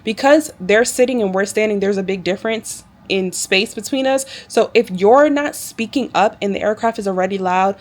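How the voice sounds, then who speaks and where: A woman in a casual vlog, recounting a day at work as a flight attendant. She talks in a chatty, animated way, with exasperated asides to her viewers, at a middle pitch. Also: normal speed, few pauses.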